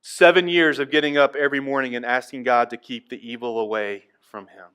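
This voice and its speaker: A male pastor delivering a sermon, moving between quiet, hushed passages and loud, emphatic ones. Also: mid-range voice, steady tone, a little fast, smooth. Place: church.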